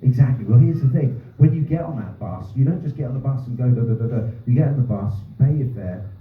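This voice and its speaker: A man from North doing a stand-up set, ranting and swearing with dry deadpan asides. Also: medium pitch, fast talker. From North London. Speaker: stand-up comedian. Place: small pub comedy room. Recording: roomy, distant, phone-like sound. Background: audience laughter.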